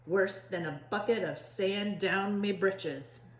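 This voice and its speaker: A woman growling as a gruff bossy pirate captain. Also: medium pitch, slow, reverberant, natural voice. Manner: growling pirate slang, bellowing.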